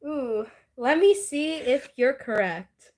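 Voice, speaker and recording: High-voiced, giggly, teasing woman. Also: animated, slow, a little mellow. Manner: giggly, teasing, laughs often; swears casually. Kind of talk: casual chat.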